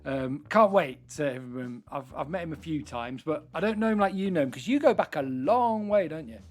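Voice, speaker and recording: Male podcast co-host, teasing banter, guest intros, a touch higher-pitched than most men. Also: lively intonation, a little fast. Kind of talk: casual podcast chat.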